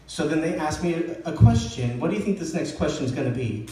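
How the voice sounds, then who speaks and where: A young man with a high voice for a man tells stand-up stories, acting out each line of dialogue in an animated voice. He is caught from a distance on a stage mic, and a strong echo hangs on every word. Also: quick pace. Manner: animated storytelling, acting out quotes in shifting voices. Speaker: stand-up comedian. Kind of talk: stand-up comedy set. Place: comedy venue with live audience. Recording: very echoey room, voice far from mic.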